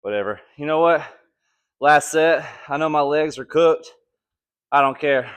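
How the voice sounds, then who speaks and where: A man's voice: on the high side, measured pace, a bit bright, clear, resonant tone. A young man from Alabama chats straight to the camera as he works through a kettlebell routine at home. He sounds winded and keeps things loose and joking, counting down each round. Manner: laid-back, joking, counting reps between sets. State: out of breath. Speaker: fitness vlogger. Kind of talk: casual workout follow-along chat.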